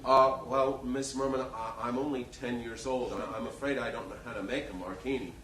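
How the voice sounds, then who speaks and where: A polite, nervous ten-year-old boy, as a grown man acts him out, stammering over his words. He speaks softly, and the voice is heard from a distance in an echoey theater. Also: medium pitch, steady tone, brisk, a little hiss or hum, voice pushed down, close to an everyday voice.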